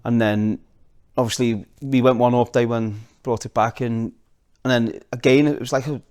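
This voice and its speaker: A man with a Liverpool accent answers questions in a relaxed interview. He talks quietly, with many pauses and restarts. His pitch is middling. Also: smooth. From Liverpool, England. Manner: hesitant, fillers and restarts, soft-spoken. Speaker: podcast guest. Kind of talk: casual interview chat.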